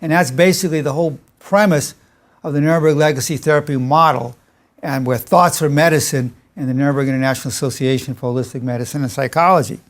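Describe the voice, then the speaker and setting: A man's voice: on the high side, fairly even intonation, fast. An older man, a psychologist, giving an informal lecture and telling personal anecdotes in a chatty, self-amused way. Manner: chatty storyteller, amused by his own stories.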